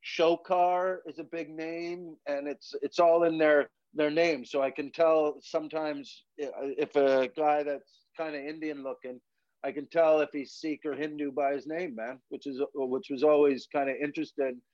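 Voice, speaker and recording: Brief: male comedian guest from Canada, slightly high voice, rambling profane yarns, dry muffled audio. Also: flat delivery, moderate pace, a little mellow, no echo. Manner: rambling, profane, says "man" a lot. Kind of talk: casual storytelling chat.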